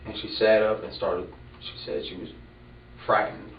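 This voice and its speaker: Man, halting suspect voice, low and flat, on distant, dull archival room tape with faint hiss. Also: echoey room. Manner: hesitant, halting, repeats himself. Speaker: suspect being interrogated. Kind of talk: police interrogation. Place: interrogation room.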